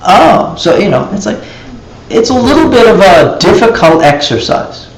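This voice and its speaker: A man's voice: high-pitched, big pitch swings, normal speed, roomy sound, a crowd in the background, poor audio. A man teaching a live class, telling stories and acting out little dialogues in raised voices.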